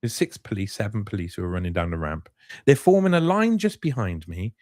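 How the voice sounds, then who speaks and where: Animated man telling a story, dry close sound. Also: fairly low pitch, no room sound. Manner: animated, halting with many restarts. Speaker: guest journalist. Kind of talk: casual storytelling.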